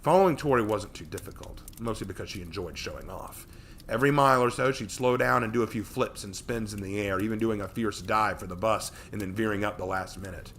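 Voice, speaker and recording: A man streaming a reading of his own story, narrating with lively delivery and the odd slip. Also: lowish voice, a little fast, a little hiss or hum. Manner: lively reading, some slips and restarts.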